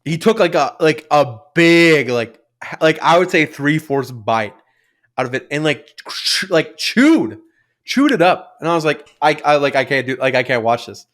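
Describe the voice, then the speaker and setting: A young man co-hosting a podcast, telling animated, sweary stories about his family. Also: normal speed. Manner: animated, sweary, acts out family members in shrill voices. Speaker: podcast co-host. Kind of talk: casual chat.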